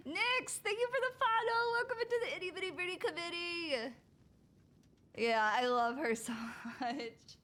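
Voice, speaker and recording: A woman streaming a roleplay game, chatting casually to her viewers in an animated, giggly way. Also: very high voice, moderate pace.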